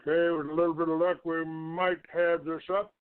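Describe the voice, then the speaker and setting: A man hosting a call-in radio talk show, yelling and cursing at a caller. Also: a little high, flat delivery, a little fast, smooth, dry recording, narrow, tinny audio. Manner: shouting, profane and abusive toward the caller.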